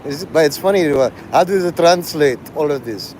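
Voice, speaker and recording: Man, rambling live-stream host, profane, slightly high voice, loud traffic noise behind. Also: animated, fairly quick, poor audio. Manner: rambling, profane, jumps between topics. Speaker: livestream host.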